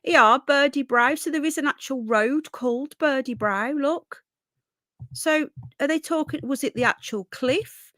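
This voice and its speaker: A woman's voice: sits high, measured pace, fairly bright tone, no room sound, studio quality. A woman hosting a casual live stream, thinking aloud and greeting viewers by name.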